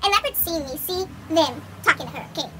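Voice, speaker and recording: A teenage girl putting on a shrill, indignant reaction voice, loud interjections. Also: animated, fast talker, heavy background noise. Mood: outraged.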